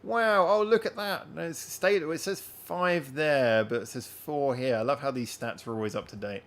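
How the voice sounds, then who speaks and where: A man's voice: fairly high pitch, normal speed. A man hosting a casual live-stream chat from home, rambling and chatting directly to his viewers. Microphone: wearing headphones.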